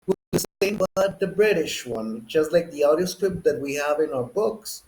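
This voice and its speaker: A man with a Texan accent, from the Chihuahua and Texas border area, teaching an English coursebook lesson slowly and deliberately, counting item by item. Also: a little high, animated, darkish tone, slight background noise, rough recording. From Chihuahua–Texas border region.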